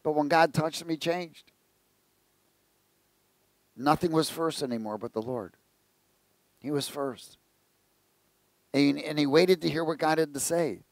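A man's voice: a little high, a little slow, gravelly, pauses often, no room sound. A man preaching a conversational sermon, telling jokes and asking the congregation questions. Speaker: pastor.

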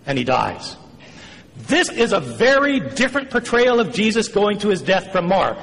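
High, animated man debating in a hall. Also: normal speed. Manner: rhetorical questioning, emphatic. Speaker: debate participant. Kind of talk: formal debate argument. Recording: echoey hall reverb.

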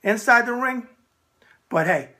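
A man hosting his show, reading viewer letters aloud and answering in a blunt, animated, casual way, repeating catchphrases. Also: very high voice, measured pace. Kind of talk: casual emphatic talk.

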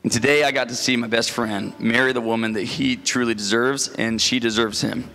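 A young man delivers an earnest best man speech with gentle jokes. His voice is bright and forceful, with soft music playing in the background. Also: mid-range voice, fairly even intonation, fairly quick, gravelly. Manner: earnest, lightly joking. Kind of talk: wedding speech.

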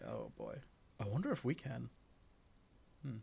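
A man's voice: mid-range voice, huge pitch swings, measured pace, creaky, a little mellow, breathy edge. A man casually commentating a game stream, joking and reading the on-screen text aloud. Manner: joking, reads place names aloud. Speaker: let's play streamer.

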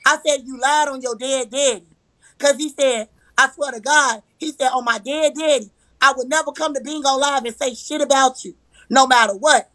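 This live-stream guest, a woman whose voice sits high, speaks at a moderate pace with a pushed, bright tone. The low-quality recording has no room sound. She tells a heated personal story emphatically and repetitively, full of profanity, acting out quoted arguments.

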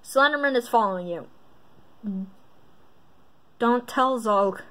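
A woman's voice: fairly high pitch, slow, pauses often, fairly bright tone. A woman vlogger in casual commentary, reading quiz questions aloud and rambling through her reactions.

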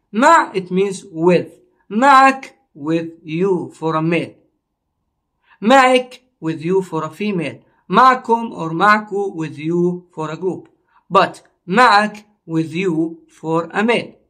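High-voiced man teaching a language slowly. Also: fairly bright tone, husky. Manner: slow, repetitive explaining, drawing out words. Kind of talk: online language lesson.

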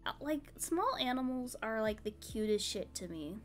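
Soft music plays as a weary woman on stream makes casual, drowsy conversation, drifting off mid-thought. Her voice sits on the high side with big pitch swings, and she laughs gently as she drawls.

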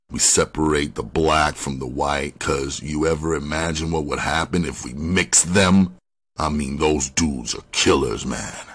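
A man doing a menacing deep-voiced detective. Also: fairly bright tone, slightly rough, exaggerated voice. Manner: slow, menacing street slang. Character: hard-nosed male police detective, menacing.

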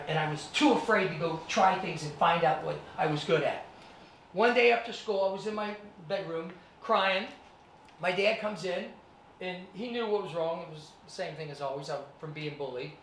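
A man's voice: a little high, a little hiss or hum. Man telling a motivational story. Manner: animated, acts out scenes. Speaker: guest speaker. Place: presentation room with students. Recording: echoey room, mic at a distance.

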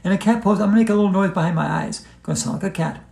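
Man, high gravelly voice, whimsical yoga teacher, gently encouraging, roomy echo. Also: rapid-fire. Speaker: yoga instructor. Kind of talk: playful yoga tutorial. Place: hotel room.

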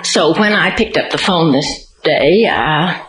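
A woman giving an oral history interview, telling her memories in an unhurried, storytelling way with occasional light laughs. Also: low voice, expressive, a bit bright, roomy sound, poor audio.

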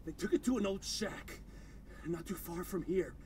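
A nervous, pleading high-voiced man. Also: normal speed, darkish tone, husky. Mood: insistent.

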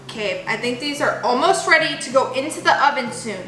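In a reverberant space with faint music in the background, a young adult woman narrates a playful vlog, addressing her toy llamas and viewers with animation. Her voice sits high and moves fairly quickly.

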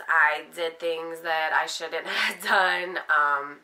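A young woman from Philadelphia speaks to her camera with a clear, bright voice. She tells a personal story candidly, emotional and close to tears, wandering through fillers as she goes. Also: low-pitched, takes it slowly. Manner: emotional, heartfelt, rambling with fillers. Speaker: vlogger.

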